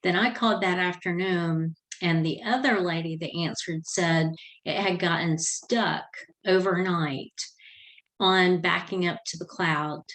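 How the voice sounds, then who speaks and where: A woman's voice: on the low side, fairly even intonation, measured pace, fairly bright tone, rough recording. An older woman telling a personal story in an earnest, chatty way, with a few restarts as she goes. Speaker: Christian vlogger.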